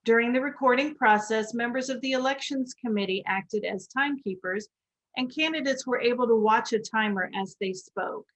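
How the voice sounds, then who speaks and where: A woman's voice: on the high side, a bit bright, low-quality recording. A woman reading a formal script explaining election procedures. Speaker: announcer.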